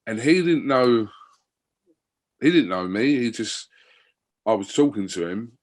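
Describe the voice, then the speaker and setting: A man's voice: mid-range voice, unhurried. A man, a podcast guest, chatting casually and telling stories with lots of fillers. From Wickford, England. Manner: relaxed storytelling, many fillers. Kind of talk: casual interview chat.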